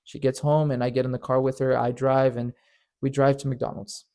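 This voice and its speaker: A man's voice: mid-range voice, level tone, moderate pace, dark tone. A man narrating a painful personal story in an earnest, emotional way, often stammering and repeating words. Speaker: storyteller and channel host.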